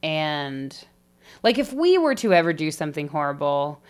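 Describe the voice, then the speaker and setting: A woman's voice: sits low, very animated, normal speed, smooth. A woman co-hosting a podcast in casual chat, sardonic and given to swearing. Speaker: podcast co-host.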